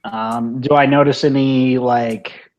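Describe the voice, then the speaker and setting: A man's voice: mid-range voice, fairly even intonation, slow pace, muffled recording. Joking male tabletop player. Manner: joking, chatty. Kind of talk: casual tabletop play.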